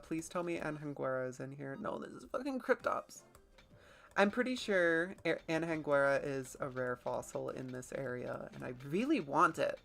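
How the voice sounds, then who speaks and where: A woman with a notably low speaking voice rambles through live gameplay commentary, loose and self-deprecating, with casual swearing. Soft music sits faintly underneath her. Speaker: let's play streamer.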